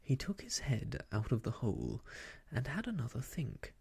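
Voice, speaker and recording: A storyteller reading an old children's book aloud in whispered role-play, slow and soft. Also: medium pitch, very animated, creaky, slightly rough.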